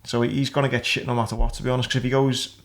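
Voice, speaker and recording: Male podcast host, flat even voice, explains things plain and casual. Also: medium pitch, racing. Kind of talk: casual chat.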